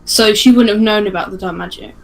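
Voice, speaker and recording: A woman's voice: medium pitch, brisk, vocal fry, rough recording. A woman chatting casually about a cartoon series on a livestream, thinking aloud and trailing off mid-sentence. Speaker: guest discussing a cartoon series.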